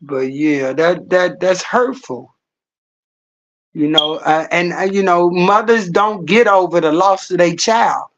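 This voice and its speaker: A woman's voice: fairly low pitch, takes it slowly, muffled recording. Blunt, profane middle-aged woman streamer. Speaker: livestreamer. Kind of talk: casual storytelling rant.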